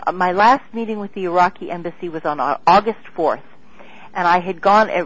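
A woman guest in an interview, talking in an excitable, rambling way with many restarts. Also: fairly low pitch. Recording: dull lo-fi radio sound.

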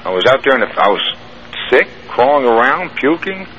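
With a sing-song, medium-pitched voice at a moderate pace, a man calls in to a radio program to recount something that happened to him. He rambles plainly through the long first-person story, restarting along the way, over muffled audio with faint hiss.

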